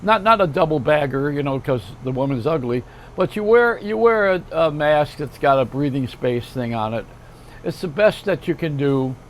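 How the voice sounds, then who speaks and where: A man's voice: fairly high pitch, lively intonation, moderate pace, a little hiss or hum. An older man hosting a comedic monologue, rambling along with wisecracks and one-liners and talking straight to the viewer. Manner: chatty, talks straight to the viewer. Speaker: host.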